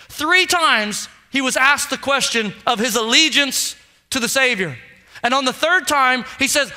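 A man preaching a sermon with passion, dropping to a hushed voice when he tells a story. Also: very high voice, moderate pace. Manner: impassioned preaching, drops to hushed tones for storytelling. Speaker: pastor.

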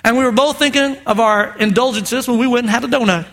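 A man preaching a sermon to a congregation, animated and joking, calling out for amens. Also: very high voice, fast. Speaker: pastor. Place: church auditorium with congregation.

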